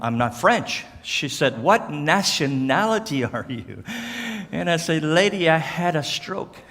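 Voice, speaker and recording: A man from Cape Breton Island with a Cape Breton accent, speaking as a guest at church in a slow, halting way, with slurred words and restarts. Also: medium pitch, a bit bright. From Cape Breton Island, Canada. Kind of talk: church talk to a congregation. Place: church hall. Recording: church hall reverb.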